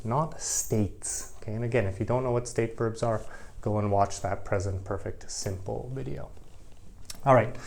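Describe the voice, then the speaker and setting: Middle-aged guy teaching grammar, patient, says things twice, mid pitch. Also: a little mellow. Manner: explains patiently, repeats key phrases. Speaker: English teacher. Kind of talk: grammar lesson to camera.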